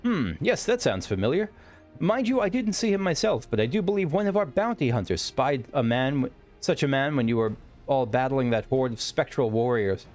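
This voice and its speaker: A man's voice: medium pitch, animated, normal speed, darkish tone, soft background music, lightly acted. A man reading aloud as a polite, helpful male tavern barman from a game.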